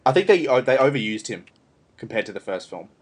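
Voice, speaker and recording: A man's voice: mid-range voice, very animated, a little fast, breathy edge. A man hosting a casual film review podcast, rambling with lots of fillers and restarts. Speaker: podcast host.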